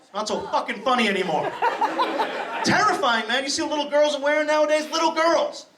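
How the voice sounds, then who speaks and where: A middle-aged Massachusetts man with an extremely high, brisk voice does a profane stand-up set, firing off brash crowd work on a comedy club stage. The recording is distant and roomy, with loud crowd noise as the audience laughs and applauds.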